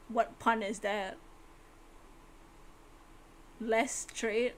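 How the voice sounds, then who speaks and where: A woman's voice: on the high side, a little slow, pauses often, a bit bright, a little hiss or hum. A woman streamer giving playful, joking commentary while playing a game live.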